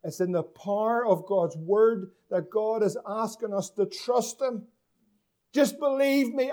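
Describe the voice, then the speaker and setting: A man's voice: high voice, unhurried, darkish tone. A man from preaching a sermon as pastor, asking the congregation questions and drawing out key words for emphasis.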